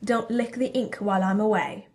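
A woman's voice: medium pitch, fairly even intonation, moderate pace, lightly acted. A woman voicing a doting, cheerful hero who fusses over a partner in a storybook reading. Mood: fond. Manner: warm, smiling, fussing. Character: doting, cheerful Asgardian hero, gender-bent.

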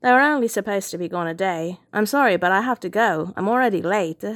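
A woman putting on a frazzled young babysitter with a Midwestern accent, talking quickly and apologizing as she rushes. The voice is pitched a little higher than the reader's own. Dry, close recording for a storybook reading. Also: lively intonation, a bit bright, dry recording, lightly acted. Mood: hurried, apologetic.

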